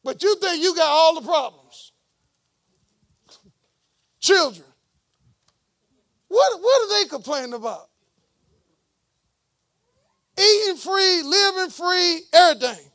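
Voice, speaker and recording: A man preaching a lively sermon in church, with joking, mocking asides to the congregation. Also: very high voice, a little slow, long pauses. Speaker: pastor.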